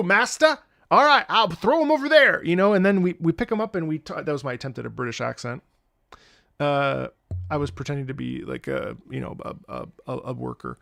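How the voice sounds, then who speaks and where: Gravelly streamer humming tunes. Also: male voice, mid-range voice, dry recording, clean studio sound. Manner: rambling, hums melodies, many restarts. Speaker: streamer reacting to music. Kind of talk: casual livestream commentary.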